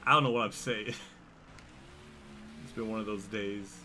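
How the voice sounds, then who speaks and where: A man's voice: lowish voice, steady tone, normal speed. A young man live-streaming a racing game, commenting on the race and joking with his chat, often laughing. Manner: laid-back, laughing banter with chat. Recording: faint game noise behind.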